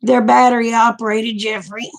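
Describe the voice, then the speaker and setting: Middle-aged woman vlogger, gravelly voice and a touch high, frank folksy chatter. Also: level tone, normal speed. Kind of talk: casual livestream chat.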